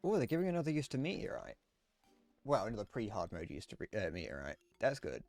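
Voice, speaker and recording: A man's voice: mid-range voice, big pitch swings, fairly quick, creaky, darkish tone, no room sound, faint music behind. A young man streaming a game, rambling casually with frequent restarts and chuckles. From Britain. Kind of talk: casual gameplay commentary.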